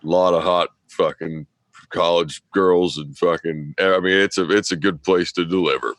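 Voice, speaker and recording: A man in his thirties hosting a podcast, telling a delivery story with lots of swearing and animated retellings. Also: low voice, normal speed, no room sound. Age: 30s. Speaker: podcast host, delivery driver. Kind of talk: casual chat.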